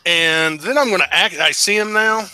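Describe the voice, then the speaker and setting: A man's voice: high-pitched, normal speed, sharp tone, clear, resonant tone, dry recording. A man playing a tabletop game, eager and joking as he declares his moves. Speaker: player.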